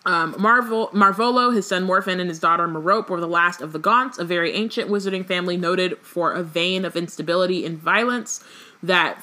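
A woman's voice: on the low side, bright, forceful tone. A young woman hosting a book podcast, reading aloud and chatting casually, with lots of fillers. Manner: casual, filler-heavy, laughing commentary. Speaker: podcast host and reader.

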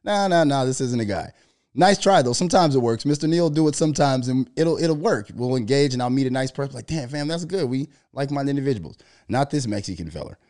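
Brief: male podcast co-host, mid-pitched, profane and animated storyteller. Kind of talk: casual monologue.

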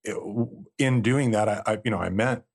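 A man's voice: on the low side, moderate pace, vocal fry, slightly rough. A middle-aged man speaking as a podcast guest, reflecting candidly on his past and swearing casually. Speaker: podcast guest, former Christian band and festival organizer. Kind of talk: casual conversation.

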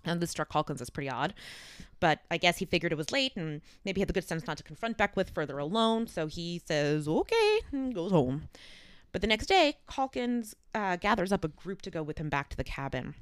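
A woman co-hosting a podcast tells a grisly old story in a casual, lively way, acting out the quoted lines. Her voice is smooth and clear, and the close mic sounds very dry. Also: lowish voice, brisk, no room sound. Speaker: podcast co-host.

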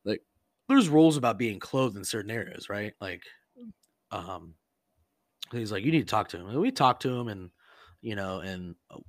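A man's voice: on the low side, expressive, normal speed, pauses often, no echo, clean studio sound. A man casually telling a crude prank story on a podcast, rambling and profane, full of "like" and acted-out quotes.

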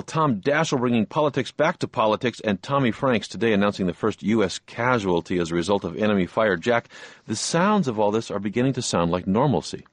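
A man hosting a public radio program, interviewing guests and introducing news clips in a measured, formal delivery. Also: fairly low pitch, no room sound. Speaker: radio show host.

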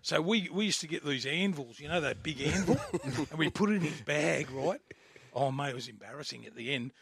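A man's voice: on the high side, a little fast, creaky, a bit bright. An Australian man, a former rugby league player co-hosting a casual radio chat, telling rambling anecdotes and laughing often.

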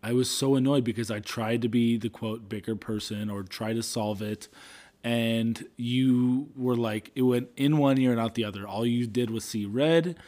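A man co-hosting a casual podcast with his wife, speaking in a calm, measured way and laughing often. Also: medium pitch. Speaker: podcast co-host. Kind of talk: casual couple podcast chat.

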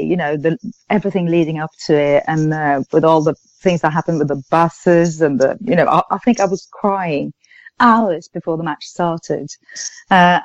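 A woman's voice: lowish voice, no room sound, dull audio. Emotional woman guest on a podcast. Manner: emotional, laughing between phrases. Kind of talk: casual chat.

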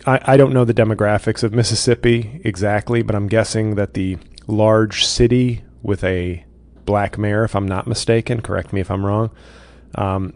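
Gravelly, sarcastic male comedian ranting. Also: on the low side, a little mellow. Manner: sarcastic, profane, frequent restarts. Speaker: comedian podcast host. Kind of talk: profane comedic rant.

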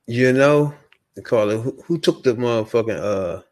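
A man's voice: mid-range voice, normal speed. A man hosting a casual podcast, bantering in slang and laughing often. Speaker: podcast host. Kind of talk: casual chat.

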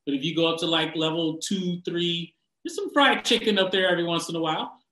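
A man ranting casually and bluntly, swearing constantly, laughing often and getting animated when he mocks people. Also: fairly high pitch, brisk, echoey room, low-quality recording. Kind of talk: casual profane rant.

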